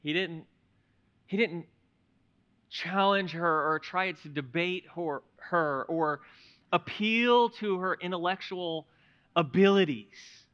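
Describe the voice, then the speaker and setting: A man preaching in a church with a high, bright, forceful voice. He drops to hushed reflection, then rises to loud, emphatic declarations. The recording is dull and lo-fi. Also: slow pace, clean tone. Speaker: pastor. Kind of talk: sermon. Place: church sanctuary.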